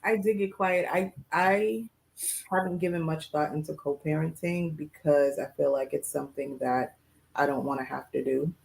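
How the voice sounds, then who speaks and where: A young adult woman co-hosting a podcast, talking thoughtfully and hesitantly with many pauses and fillers. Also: low-pitched, vocal fry, a little mellow, rough recording. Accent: Boston. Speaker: podcast co-host. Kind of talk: casual chat.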